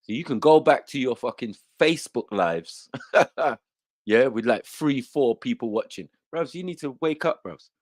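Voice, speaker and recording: A brash man hosts an online panel and goes on a heated, boastful rant full of swearing. His pitch swings up and down a lot as he talks. The sound is dry and close to the mic. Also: lively intonation, measured pace, no echo. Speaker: host of an online panel show.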